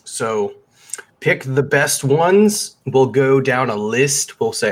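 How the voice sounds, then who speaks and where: A man's voice: mid-range voice, unhurried. A man playing in a tabletop game, chatting casually, easygoing and joking as he speaks for his character. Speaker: player.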